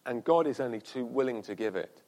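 An earnest man preaching to a church service at a mid-range pitch. He pauses and restarts, then slows down to repeat key words with weight. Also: expressive, warm tone. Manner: earnest, pausing, with restarts and slow emphatic repeats. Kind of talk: sermon.

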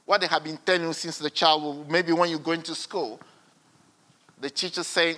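Bright-toned man preaching a sermon. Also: a little high, fairly even intonation, moderate pace. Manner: earnest, swings between hushed and emphatic.

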